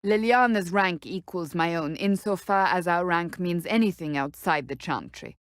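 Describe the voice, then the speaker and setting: A woman's voice: lowish voice, moderate pace, no room sound, clean studio sound, lightly acted. A woman playing a stern, blunt warrior woman. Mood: questioning. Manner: curt, formal and stern. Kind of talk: video game companion dialogue.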